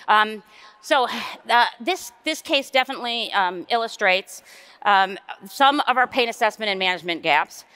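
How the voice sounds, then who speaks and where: A middle-aged nurse researcher giving a plenary conference lecture. She speaks in a conversational, wry way and often jumps up in pitch for emphasis. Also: pushed and bright, smooth.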